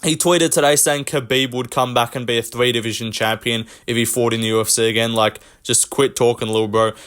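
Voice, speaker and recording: Young guy ranting, blunt, swears a lot, mocks everyone, normal pitch. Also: fairly even intonation, brisk, fairly bright tone. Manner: blunt, mocking, profane. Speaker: host. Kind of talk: casual commentary rant.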